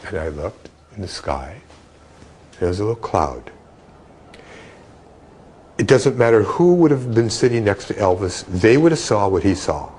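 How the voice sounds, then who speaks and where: A man interviewed for a documentary, telling a personal story in a vivid, animated way. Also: lowish voice, unhurried, long pauses, slight background noise. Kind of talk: storytelling reminiscence.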